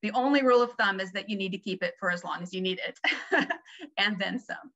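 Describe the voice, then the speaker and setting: A woman's voice: medium pitch, a little fast, fairly bright tone, highs cut off. A woman presenting a small business seminar over a video call, talking in a conversational way with many fillers. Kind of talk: webinar lecture.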